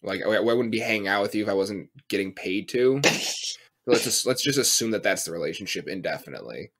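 A man's voice: lowish voice, expressive, fairly quick, a bit bright. An American man in his twenties with a rambling, profane way of telling stories, full of fillers, co-hosting a casual podcast chat. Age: 20s. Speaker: podcast co-host.

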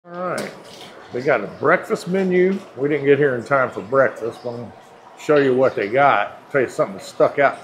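A man's voice: medium pitch, lively intonation, brisk, a little hiss or hum, low-quality recording. A man, chatting casually and folksy as he films a food review vlog in a sandwich shop. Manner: folksy, chatty, playful slang. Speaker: food vlogger.

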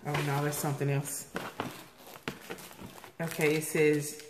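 A woman in a casual vlog, opening viewer mail. She gasps, repeats herself and gets excitable as she talks. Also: sits low, slow. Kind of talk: casual unboxing chat. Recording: echoey room with faint noise.

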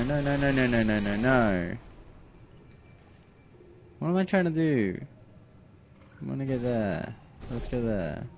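Slow-talking man muttering over gameplay. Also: mid-range voice, slight background noise. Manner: muttering to himself, bursts of outrage. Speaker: gameplay commentator. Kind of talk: let's play commentary.

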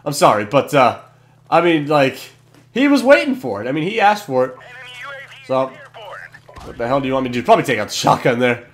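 A young man hosting a gaming channel, giving excitable commentary over his match, swearing and yelling at kills. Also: mid-range voice, a little fast, pauses often. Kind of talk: gameplay commentary.

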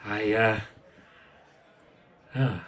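A man with a fairly low voice plays a tabletop game, stating his character's moves with a rueful, halting manner. He often pauses mid-thought. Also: fairly even intonation, fairly bright tone. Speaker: player. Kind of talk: tabletop game role-play.

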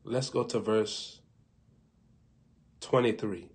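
Preacher guy joking around on a live stream, gets loud then goes real quiet, laughs at himself. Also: on the low side, slow pace. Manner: animated, swings between loud bursts and hushed asides; colloquial, laughs at his own jokes. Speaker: prophet preaching on a live broadcast. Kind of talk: humorous sermon storytelling.

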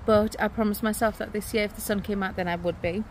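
A woman's voice: mid-range voice, fairly even intonation, quick pace, a little hiss or hum. A woman vlogging in her garden, chatting casually and laughing often. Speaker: vlogger and mother. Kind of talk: casual chat to camera. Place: outdoors in a garden.

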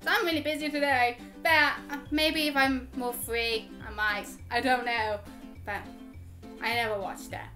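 A woman gaming YouTuber answers viewer questions in a casual Q&A vlog, chatting, giggling often, and filling pauses with ums. Her fairly high voice is steady, bright, and pushed at a measured pace, with soft music in the background.

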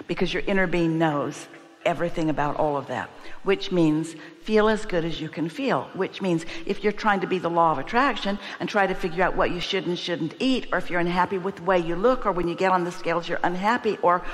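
Woman teaching in a reverberant hall. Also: lowish voice. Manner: speaks as "we", emphatic and repetitive. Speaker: inspirational seminar speaker. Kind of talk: spiritual teaching to a live audience.

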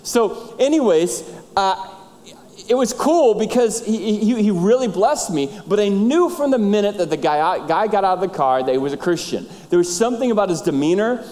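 A middle-aged male pastor telling a story in a sermon, animated and acting out the dialogue. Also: high voice, normal speed. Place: church sanctuary. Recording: church hall reverb.

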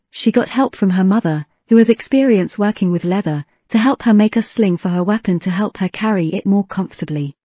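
A woman narrates a fantasy fan fiction audiobook in a steady reading with a few slips. Her voice is mellow and warm, close to the mic in a dry room. The recording sounds a little dull and lo-fi. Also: mid-range voice, dry recording.

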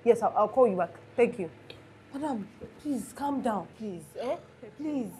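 A flustered shop owner stammers apologies and pleads. Her voice sits fairly high, with faint ambient noise around it. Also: expressive, a little slow, warm tone. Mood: pleading.

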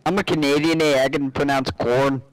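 A man's voice: medium pitch, steady tone, dry recording, close to an everyday voice, poor audio. A man putting on a mock Canadian, eh. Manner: teasing, drawn-out put-on accent.

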